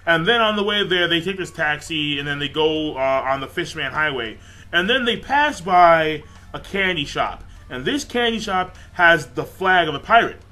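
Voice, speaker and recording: A man talks through an anime episode in a loose, rambling recap, swearing freely and piling on fillers. His voice sits a little high and has a bright, forceful edge. He sounds excitable and casual throughout. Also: normal speed.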